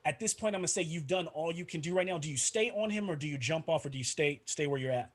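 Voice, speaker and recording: A man's voice: a little high, fast talker. A man running a tabletop role-playing game as dungeon master, chatty and often laughing, with many restarts.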